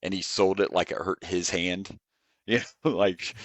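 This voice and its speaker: A man co-hosting a podcast that reviews wrestling, talking in a relaxed, rambling way with frequent chuckles. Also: deep voice, measured pace, no room sound. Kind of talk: casual chat.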